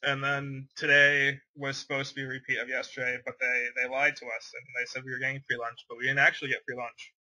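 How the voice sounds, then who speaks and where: A man's voice: medium pitch, level tone, fast talker, few pauses, pushed and bright, rough recording. A man co-hosting a casual podcast, rambling through his day and repeating words as he goes. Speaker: podcast co-host. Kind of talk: casual chat.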